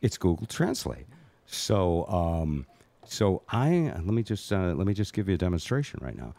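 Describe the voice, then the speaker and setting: A man's voice: low-pitched, very animated, normal speed, vocal fry, warm tone. A man hosting a casual podcast chat, telling a long rambling story and poking fun at himself. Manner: rambling, self-mocking storyteller. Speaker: host.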